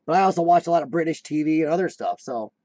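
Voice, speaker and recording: A man hosting a casual live chat, rambling and answering viewers, his voice a little rough from lung trouble. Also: fairly high pitch, lively intonation, quick pace, warm tone, dry recording. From United States. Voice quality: slightly rough voice from lung problems. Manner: rambling, chatty, laughs often, answers viewers by name. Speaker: livestream host.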